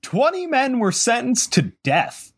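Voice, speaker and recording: A man hosting a podcast, telling a history story in casual chat, animated with sarcastic asides. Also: very high voice, unhurried, breathy edge.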